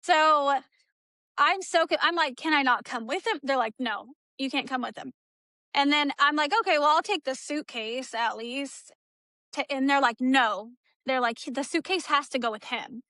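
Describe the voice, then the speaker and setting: Woman, high pitch, bright tone, interview guest, chatty storytelling, acts out dialogue. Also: moderate pace, dry recording. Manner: animated, acts out quoted dialogue; chatty, with frequent "like" fillers. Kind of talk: emotional personal storytelling.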